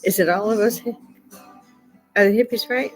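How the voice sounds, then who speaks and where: A woman's voice: mid-range voice, normal speed, soft background music, low-quality recording. An older woman hosting a casual live-stream chat from home, chatty and laughing often. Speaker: host.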